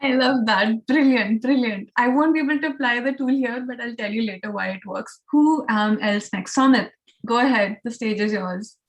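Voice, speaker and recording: A woman's voice: a little high, moderate pace. A woman, a keynote speaker leading a group activity in an encouraging, chatty way. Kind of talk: online club session hosting.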